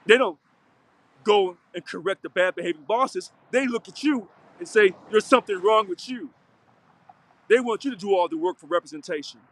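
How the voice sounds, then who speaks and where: A man's voice: high-pitched, a little fast, fairly bright tone. A man who is a union local president, giving a preachy, fiery, repetitive unscripted video monologue.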